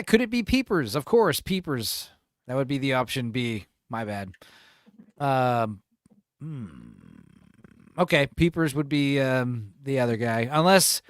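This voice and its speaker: A man's voice: medium pitch, dry recording, studio quality. A man hosting a casual podcast, who rambles, teases his co-hosts and laughs often. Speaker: host.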